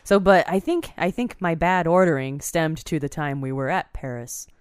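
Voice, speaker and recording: A woman co-hosting a casual chat, telling stories in a giggly, animated way. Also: sits low, normal speed, smooth, no echo, studio quality.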